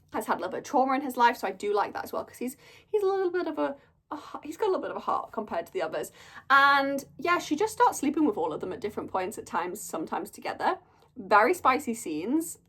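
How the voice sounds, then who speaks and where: Girl rambling about her books, super animated, swoopy higher voice. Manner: chatty, gushing, animated storytelling with frequent "like". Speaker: book reviewer. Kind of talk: casual monthly reading wrap-up.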